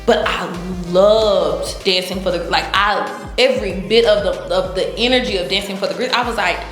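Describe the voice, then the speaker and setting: Brief: lively woman guest, storytelling, roomy echo, faint music behind. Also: medium pitch, normal speed. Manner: animated, acts out quotes, laughs often. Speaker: interview guest. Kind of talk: casual storytelling.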